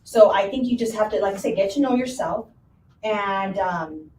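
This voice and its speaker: A woman real estate agent on a panel, telling a story with lively acted-out quotes and easy laughs. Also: medium pitch, moderate pace. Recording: roomy, from far off, faint room noise.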